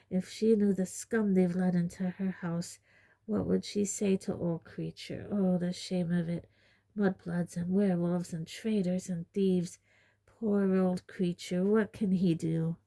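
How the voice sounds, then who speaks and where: A woman's voice: fairly even intonation, measured pace, dark tone. Kreacher, a woman doing a muttering old house elf. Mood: muttering bitterly. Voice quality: hoarse, deep, muttering under breath. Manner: spiteful grumbling asides, mock-humble. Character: very old male house elf, bitter and servile. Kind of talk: audiobook reading.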